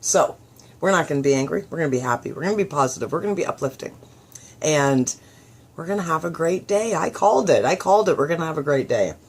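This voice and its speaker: A woman's voice: low-pitched, expressive, fast talker. A middle-aged woman hosting a motivational radio show, chatty and upbeat, acting out the thoughts she quotes. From southwestern Ontario, Canada.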